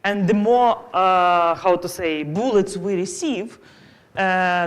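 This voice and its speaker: Ukrainian-accented woman on a panel, lowish voice, earnest and a bit searching for words. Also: a little slow. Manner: earnest, non-native phrasing. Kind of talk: conference panel answer.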